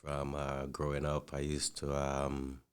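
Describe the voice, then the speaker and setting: A man from Jamaica with a Jamaican accent, a designer being interviewed, telling stories at an easy pace with filler pauses. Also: very deep voice, monotone, clean tone. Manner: easygoing storyteller, pauses with fillers. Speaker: guest, clothing designer. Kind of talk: interview talk.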